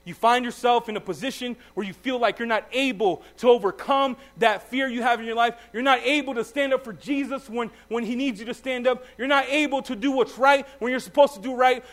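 Man, high voice, preacher, sermon, reads scripture then asks the audience questions, loud-to-soft delivery. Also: a little fast, few pauses. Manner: addresses listeners directly with questions.

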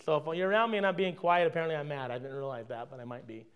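A male pastor preaches at a racing pace in a fairly high, steady, clean voice. He poses rhetorical questions to his congregation and swings between loud emphasis and quiet asides.

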